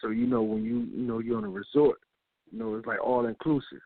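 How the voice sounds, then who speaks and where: A man hosting a radio talk show, telling a story in a relaxed, slangy way and often checking in with the listener. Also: medium pitch, a little fast, gravelly, no room sound. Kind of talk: casual storytelling. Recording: dry, phone-like radio audio.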